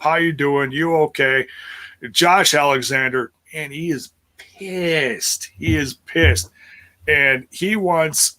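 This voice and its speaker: Bright-voiced man recapping wrestling. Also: medium pitch. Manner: rambling, loose, joking, swears casually. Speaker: podcast host. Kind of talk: casual show recap chat.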